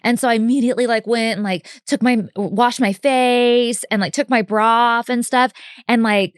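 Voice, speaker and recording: A woman's voice: on the high side, fairly even intonation, normal speed, dry recording, clean studio sound. A middle-aged woman co-hosting a podcast, telling stories in a rambling, casual way full of "like". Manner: rambling, heavy use of "like". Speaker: podcast co-host. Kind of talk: casual chat.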